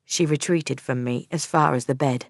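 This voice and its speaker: A woman narrating a first-person audiobook in a measured, steady storytelling manner. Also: rumbling low, creaky, dry recording, clean studio sound.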